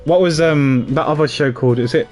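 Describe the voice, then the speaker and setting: A man's voice: fairly high pitch, brisk, a little mellow, soft background music. A man streaming a video game, chatting casually and poking fun at himself. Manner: chatty, self-mocking, rambling. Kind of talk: casual livestream commentary.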